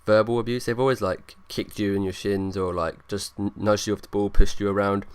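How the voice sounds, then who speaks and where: Young guy talking fast over his gameplay, kinda low voice, rambly with lots of likes. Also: flat delivery, clean tone. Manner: rambling, filler-heavy, talks over gameplay. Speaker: gaming YouTuber. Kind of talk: gameplay commentary.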